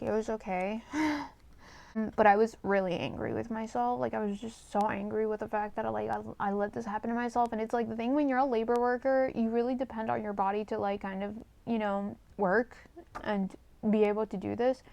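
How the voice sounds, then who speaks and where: A woman's voice: on the high side, fairly even intonation, brisk, vocal fry, a little mellow. A woman vlogger telling a personal story in casual storytime style, candid and rambling, with lots of fillers, swearing and an emotional, confessional tone.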